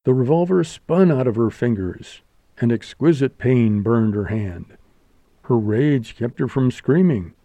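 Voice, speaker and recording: Male audiobook narrator, deep mellow tone, dry studio read. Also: expressive, measured pace, dry recording. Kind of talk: scripted narration.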